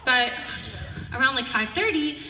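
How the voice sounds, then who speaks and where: A woman's voice: high-pitched, expressive, unhurried, recorded from a distance, dull audio, slight background noise. Teen girl speaking in an echoey hall. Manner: casual, chatty, full of "like" and acted-out quotes. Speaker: student speaker at a charity event. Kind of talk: personal storytelling speech.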